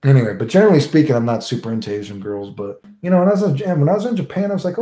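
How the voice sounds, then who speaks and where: Rambling Southern American man, mellow voice. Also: mid-range voice, big pitch swings, quick pace, echoey room. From United States. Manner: rambling, swears freely, keeps tagging lines with "right?". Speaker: livestreamer. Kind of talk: casual chat with live viewers.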